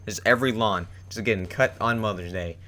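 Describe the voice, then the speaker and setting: A man's voice: fairly low pitch, fairly quick, pushed and bright. A young man telling a personal story in a rambling, casual way, with many fillers and restarts. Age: young adult. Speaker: vlogger.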